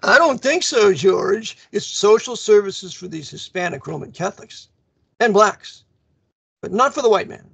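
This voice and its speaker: A man's voice: high voice, lively intonation, moderate pace, gravelly, fairly bright tone, husky. A man hosting a radio talk show, combative and ranting, with a stream of rhetorical questions. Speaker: host. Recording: dull lo-fi sound.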